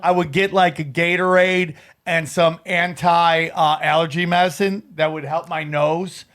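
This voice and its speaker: A man with a high, bright-sounding voice tells rowdy stories in loose podcast banter. He jumps into the voices of the people he describes, loud and lively. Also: a little slow. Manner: animated, acts out voices in stories. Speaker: comedian, podcast co-host. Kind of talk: casual storytelling chat.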